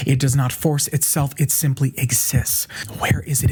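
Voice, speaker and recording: A man with a husky, breathy voice delivers an uplifting monologue. He sits at an ordinary middle pitch and speaks softly and earnestly. He often sinks into a near-whisper for emphasis. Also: steady tone, fairly quick. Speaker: motivational speaker. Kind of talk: inspirational monologue.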